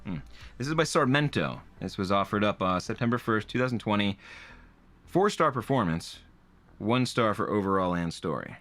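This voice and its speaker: A man's voice: fairly low pitch, lively intonation, moderate pace, a bit bright. A man hosting comedic commentary on reviews, with exaggerated reactions and frequent laughs. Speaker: host.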